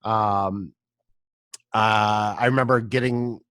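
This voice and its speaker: An American man hosting a casual interview podcast, talking in a relaxed, rambling way with frequent ums and throat clearing. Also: on the low side, takes it slowly, no echo, clean studio sound. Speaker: podcast host.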